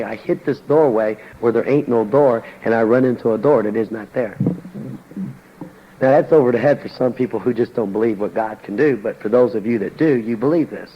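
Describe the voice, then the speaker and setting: A man's voice: medium pitch, lo-fi sound. An older man, a former boxer, telling his conversion story as a church testimony in a colloquial, slangy storytelling manner.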